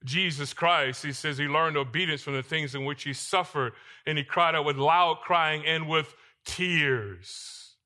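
Impassioned male preacher with a bright voice. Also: a little high, a little slow, hardly any pauses. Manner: impassioned, swings between loud emphasis and quiet asides. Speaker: pastor. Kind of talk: sermon. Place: church sanctuary.

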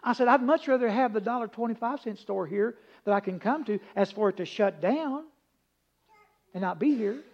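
A man preaching a folksy, humorous sermon, rambling into stories and dropping from loud emphasis to hushed asides. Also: sits high, moderate pace. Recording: dull lo-fi recording.

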